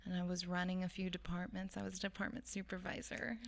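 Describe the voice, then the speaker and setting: A woman's voice: on the low side, monotone, quick pace, vocal fry. A woman in her thirties from the San Francisco Bay Area, telling her story as a guest in a casual interview, candid and chatty with frequent laughs and fillers. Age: 30s. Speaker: guest fashion designer.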